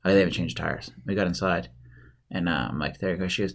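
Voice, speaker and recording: A man in his thirties with a low voice tells rambling stories in a casual chat. His pitch swings widely as he acts out other people's lines, and he keeps breaking into laughter. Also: expressive, fast, fairly bright tone. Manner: rambling storyteller, laughs often.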